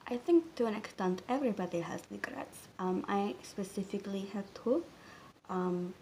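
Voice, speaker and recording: Woman, mid-twenties, casual vlog chat; quick, apologetic delivery; noisy track with traffic behind. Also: mid-range voice, mellow. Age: 20s. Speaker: vlogger.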